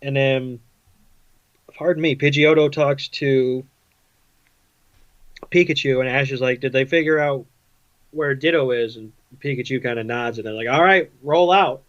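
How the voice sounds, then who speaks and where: A man's voice: medium pitch, steady tone, moderate pace, long pauses, dull audio. Laid-back man recapping a cartoon. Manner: laid-back storytelling with fillers. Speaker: podcast co-host. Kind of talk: casual episode recap chat.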